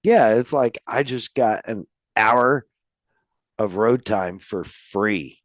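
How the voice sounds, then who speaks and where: A man hosting a casual podcast chat, with a slightly nasal voice and a relaxed, rambling way of talking full of fillers. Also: fairly low pitch, slow, dry recording, clean studio sound. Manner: laid-back, rambling with many fillers. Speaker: podcast host.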